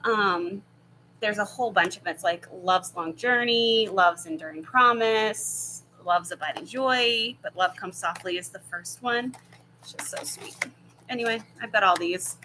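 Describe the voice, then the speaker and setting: A woman's voice: mid-range voice, bright, forceful tone, poor audio. A woman in her thirties hosting a casual live chat from home over her laptop, rambling and friendly with lots of fillers. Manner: chatty and rambling, many fillers and laughs. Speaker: channel host answering viewer questions.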